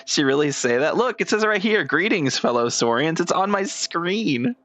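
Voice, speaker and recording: Young man, giggly, rambling, lively delivery, gaming commentary. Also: sits high, normal speed, no echo. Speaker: gaming streamer. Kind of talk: casual gameplay commentary.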